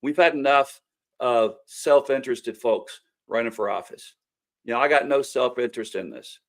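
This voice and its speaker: A middle-aged man with a Kentucky accent, both a show host and a candidate for local office, talks casually to camera about his campaign. His voice is mid-range at a moderate pace, and he tells folksy stories in an earnest, plain-spoken way.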